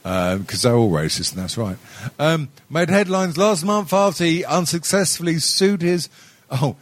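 Rambling bloke, very lively pitch. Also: male voice, moderate pace, no echo. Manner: rambling, stammering restarts, laughs through his own stories. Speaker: podcast co-host. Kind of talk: casual sweary chat.

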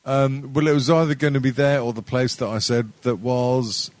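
With a flat delivery at normal speed, a middle-aged podcast host in a mid-range, slightly mellow voice rambles through a sweary story, laughing often. It's casual comedic chat, recorded with no echo.

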